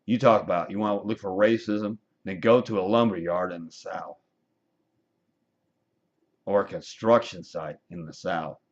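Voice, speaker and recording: A man's voice: sits low, moderate pace, pauses often, muffled recording. A man delivering a profane, combative, preachy rant to his webcam. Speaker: vlogger. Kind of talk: ranting webcam monologue.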